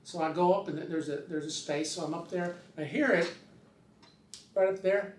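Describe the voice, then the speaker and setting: A man's voice: a little high, moderate pace, a little hiss or hum. An older man telling a rambling, casual story, slipping into other people's voices as he goes. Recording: roomy sound, distant from the mic.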